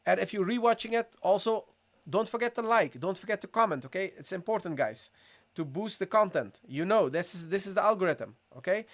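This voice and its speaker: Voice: medium pitch, animated, fairly quick. A teacher giving a live-streamed language lesson, drilling pronunciation by repeating each sound and checking in with listeners again and again. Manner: drills sounds by repeating them, constantly checks with "okay?" and "guys". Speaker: Arabic teacher.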